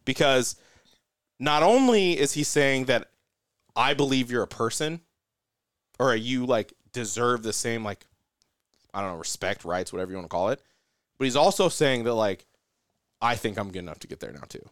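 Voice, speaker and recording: A man co-hosting a podcast, excitedly retelling a film scene with lots of swearing and rambling. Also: mid-range voice, normal speed, pauses often, dry recording, clean studio sound. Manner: excited, profane, rambling storytelling. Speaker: podcast co-host. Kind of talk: casual chat.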